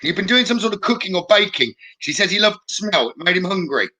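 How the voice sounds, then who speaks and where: A man giving chatty live-streamed spirit readings as a psychic medium, often checking in with a quick "okay?". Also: sits high, lively intonation, sharp tone. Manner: chatty, relays messages with frequent "okay?".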